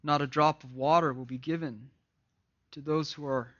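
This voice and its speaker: Impassioned preacher with a bright, tense voice. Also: male voice, on the high side, fairly even intonation, normal speed. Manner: impassioned, swings from loud to hushed, repeats words. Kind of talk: sermon. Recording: dull lo-fi recording.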